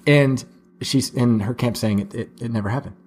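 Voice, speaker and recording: A man's voice: mid-range voice, normal speed, darkish tone. A man hosting a casual podcast chat, rambling and restarting as he explains a news story to his co-hosts. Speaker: podcast host.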